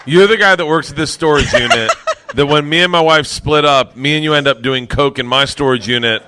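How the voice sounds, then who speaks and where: Lively male panelist, bright voice, big swings, laughs through an excited profane story. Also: fairly high pitch, moderate pace, pauses often, slight background noise. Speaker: guest comedian on panel. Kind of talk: animated storytelling. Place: live comedy club with audience.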